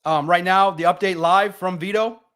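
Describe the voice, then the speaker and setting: A man's voice: high voice, fairly even intonation, moderate pace, a bit bright, clean tone. A man hosting a live sports podcast, ranting bluntly and emotionally about a team's loss while reading viewer comments.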